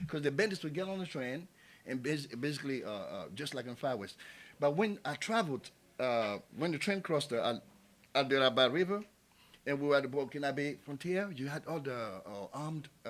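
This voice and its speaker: Impassioned man with a bright, high voice. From Ivory Coast. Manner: passionate, emphatic, repeats himself and builds to louder calls. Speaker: community speaker. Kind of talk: impassioned public tribute speech. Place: small cafe event space.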